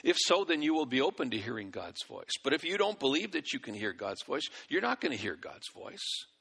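A man's voice: fairly high pitch, wildly swooping pitch, brisk, vocal fry, a bit bright, breathy edge. A male preacher giving a sermon, exhorting and folksy, with acted-out asides, in a church hall. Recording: long hall reverb.

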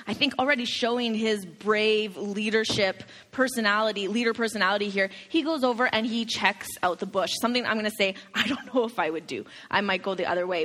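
Bright-voiced woman teasing from the stage. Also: a little high, big-room sound, poor audio. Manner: chatty, teasing, laughs often. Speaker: church teaching leader. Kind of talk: sermon with light banter.

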